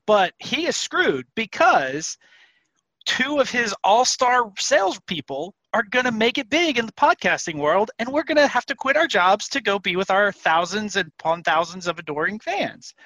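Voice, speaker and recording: A man's voice: high voice, bright, forceful tone, dry recording, rough recording. A man hosting a podcast in upbeat, joking casual chat, laughing easily. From Louisiana. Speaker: podcast host.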